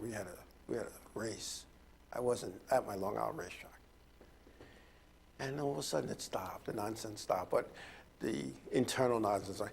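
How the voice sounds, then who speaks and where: A man's voice: medium pitch, creaky. A middle-aged man hosting a radio talk show, telling stories in a rambling way with many fillers and chuckles. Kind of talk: casual storytelling chat.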